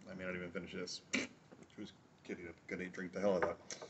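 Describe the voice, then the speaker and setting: A man with a fairly low voice hosts a relaxed tasting review. He wanders off on asides and cracks jokes as he goes. A faint hum of noise sits under his voice. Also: fast talker. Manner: rambling and jokey, with asides and chuckles. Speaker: host of a drinks review show.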